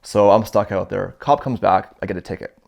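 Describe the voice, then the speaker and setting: A man's voice: fairly low pitch, fairly quick, creaky. A man from Canada in his thirties, telling a casual first-person story and acting out the dialogue in it. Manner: animated, acts out quoted dialogue in his stories. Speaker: storyteller guest.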